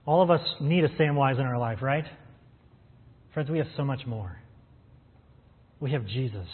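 A man's voice: mid-range voice, normal speed, husky. A man preaching a sermon as a pastor, earnest and calling his listeners friends. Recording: phone-like sound in a reverberant hall.

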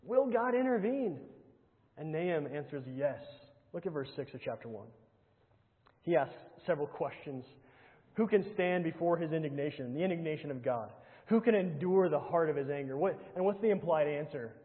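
A man preaching a sermon, earnestly reading scripture aloud and pressing his point with rhetorical questions and repetition, often dropping to a low hush. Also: animated, normal speed. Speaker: pastor. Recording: tinny phone-like sound with long hall reverb.

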